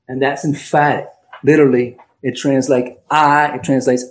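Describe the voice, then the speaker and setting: A male pastor preaching an emphatic sermon, slowing down and swinging between loud stresses and quiet asides. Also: medium pitch, fairly even intonation, poor audio. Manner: emphatic preaching with dramatic pauses and swings in volume.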